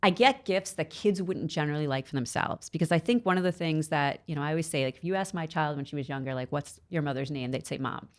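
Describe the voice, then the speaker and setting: A middle-aged woman speaking as a podcast guest, her voice sitting low for a woman. She talks quickly and tells stories with lively energy, putting on voices for the people she quotes. The tone stays casual and conversational. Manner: animated storyteller, acts out quoted voices. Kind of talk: casual interview chat.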